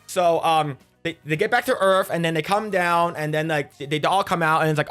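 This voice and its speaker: A man's voice: on the high side, steady tone, brisk, few pauses, a bit bright, clean tone, soft background music. A man giving a casual, rambling movie recap, crude and profane and full of fillers. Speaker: movie reviewer.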